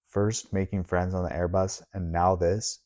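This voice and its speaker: A man's voice: low-pitched, level tone, measured pace, darkish tone. A man voicing a stern, guarded young man who steers a newcomer, in an audiobook reading. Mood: firm. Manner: firm, disapproving.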